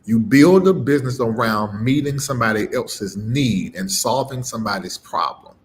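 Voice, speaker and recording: A middle-aged man preaching on a live stream, emphatic and informal, swinging between loud punches and low murmurs and repeating phrases with a rising cadence. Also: expressive, moderate pace. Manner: informal, dropped verb endings. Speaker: preacher and livestream host.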